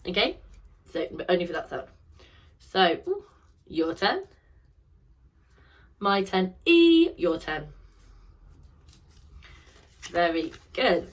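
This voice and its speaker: A woman leads a children's phonics drill in a sing-song way. Her pitch leaps up and down with every word, she speaks slowly and carefully, and her voice sits a little low. Each answer gets quick praise. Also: sing-song. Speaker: phonics teacher. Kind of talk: recorded phonics lesson for children.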